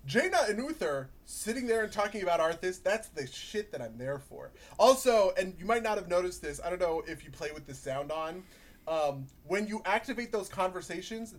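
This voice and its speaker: A man co-hosting a casual games podcast, animated and swearing freely as he talks. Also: high-pitched. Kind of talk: casual chat about video games.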